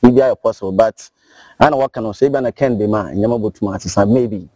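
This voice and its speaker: A Ghanaian man speaking as a guest on a political talk show, telling stories in an animated way. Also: on the low side, fast talker, no echo. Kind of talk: casual political chat, mixing Twi and English.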